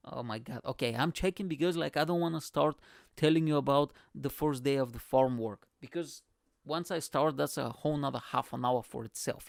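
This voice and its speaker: Guy rambling thru a story, gravelly voice, dry close sound, swears a lot. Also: mid-range voice, no room sound. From Bulgaria. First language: Bulgarian. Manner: animated, swears a lot, laughs often. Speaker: podcast host. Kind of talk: casual storytelling monologue.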